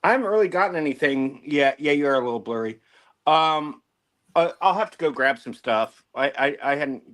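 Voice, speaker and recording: Man panelist, slightly high lively voice, jokey and giggly, trips over his words. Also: fairly quick. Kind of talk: casual chat.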